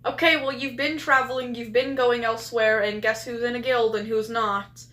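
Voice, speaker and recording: A woman's voice: a little high, fairly even intonation, moderate pace, a bit bright. A woman playing a tabletop role-playing game, chatting casually and laughing with her group. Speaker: player.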